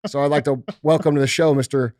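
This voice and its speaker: A man's voice: medium pitch, fairly even intonation, fast talker, a little mellow, no echo, clean studio sound. A man hosting a casual podcast, talking bluntly and emphatically and swearing freely. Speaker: podcast host. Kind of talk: casual studio podcast chat.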